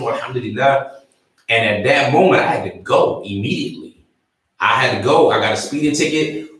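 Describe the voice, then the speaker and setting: A man's voice: medium pitch, a bit bright. Earnest man talking in a very echoey room. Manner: earnest, personal storytelling. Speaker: relationship coach. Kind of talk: motivational livestream talk. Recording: very echoey room, voice from far off the mic.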